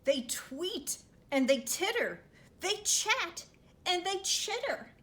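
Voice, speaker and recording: A woman librarian reads a picture book aloud to young children and keeps asking them questions. Her voice is high and swings widely in pitch. She takes it very slowly, drawing out every phrase. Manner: animated, asks children questions. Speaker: children's librarian storytime host.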